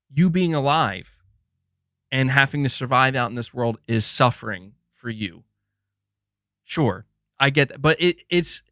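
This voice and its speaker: A man hosting a gaming livestream, ranting in a swearing, emphatic way that keeps restarting mid-sentence. His voice sits a little high for a man. The sound is close and dry, with no room around it. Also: dry recording. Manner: animated, profane and emphatic, with frequent restarts. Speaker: livestream host. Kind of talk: casual livestream rant.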